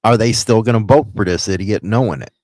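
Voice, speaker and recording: A man's voice: fairly low pitch, fairly quick, darkish tone, no echo, studio quality. A man joining a casual livestream chat, blunt and sarcastic.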